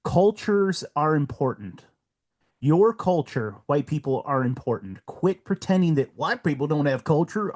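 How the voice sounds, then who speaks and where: A man's voice: on the high side, lively intonation, unhurried, darkish tone. A man guesting on a podcast, ranting bluntly with heavy profanity and heated emphasis. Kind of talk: casual podcast rant.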